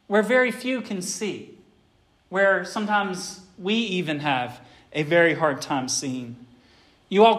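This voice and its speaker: A middle-aged man preaching a sermon to his church, swinging between loud emphatic stretches and quieter ones. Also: on the high side. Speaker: pastor.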